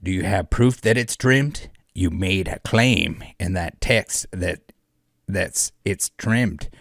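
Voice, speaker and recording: A man voicing a defensive, curt evil cowboy, loud and clipped. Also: deep voice, slow, creaky, dry recording, clean studio sound, heavily acted.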